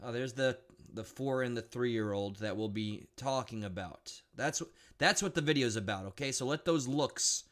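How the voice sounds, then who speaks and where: A man's voice: mid-range voice, normal speed, hardly any pauses, fairly bright tone. A man hosting a live stream, reacting bluntly and indignantly to news clips, thinking aloud with restarts. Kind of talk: casual live commentary.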